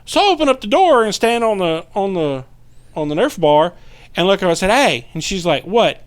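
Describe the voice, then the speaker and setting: Animated, profane middle-aged storyteller man. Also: sits high, fairly quick, smooth. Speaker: podcast guest, paranormal investigator. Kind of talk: casual storytelling chat.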